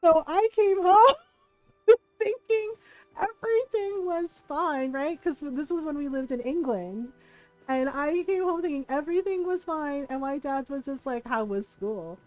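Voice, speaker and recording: High-voiced chatty woman streamer. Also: unhurried, a little mellow, dry recording, soft background music, poor audio. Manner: chatty, laughs often, acts out quoted dialogue. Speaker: livestreamer. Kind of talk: casual storytelling while gaming.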